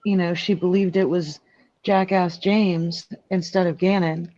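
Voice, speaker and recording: A woman's voice: lowish voice, steady tone, a little slow, dark tone. Hesitant woman on a dull call line. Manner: hesitant, with many restarts and I means. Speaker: guest commentator. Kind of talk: casual livestream discussion. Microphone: video call.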